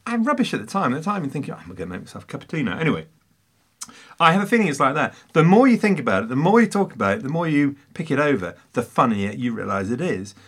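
Animated, theatrical man. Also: a little high, fast, slightly rough. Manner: theatrical, emphatic, teasing. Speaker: podcast co-host. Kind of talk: casual film discussion.

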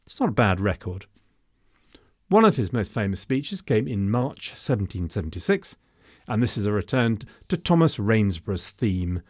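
A man's voice: fairly low pitch, sing-song, normal speed, darkish tone, dry recording, clean studio sound. A man narrating a history episode from a script, dropping in wry, jokey asides.

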